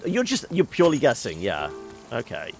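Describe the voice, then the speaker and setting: Let's-play host, male, mid-pitched, muses out loud, animated delivery. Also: normal speed, vocal fry, music in the background. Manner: musing aloud, thinking through game puzzles. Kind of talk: casual gameplay commentary.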